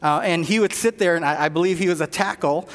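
High-voiced preacher in a reverberant hall. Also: male voice, fast. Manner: storytelling with many restarts and fillers. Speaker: pastor. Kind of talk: sermon.

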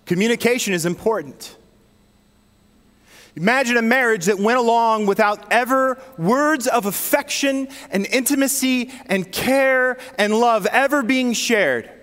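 A man's voice: sits high, fairly bright tone, big-room sound. A man preaching a sermon as pastor, telling a story in a conversational way. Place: church sanctuary.

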